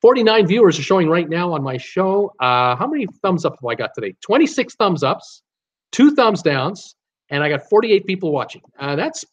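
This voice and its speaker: A man's voice: high-pitched, sing-song, moderate pace, highs cut off. A man hosting a casual livestream, chatting and reading out viewer comments while stumbling over names. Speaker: livestream host.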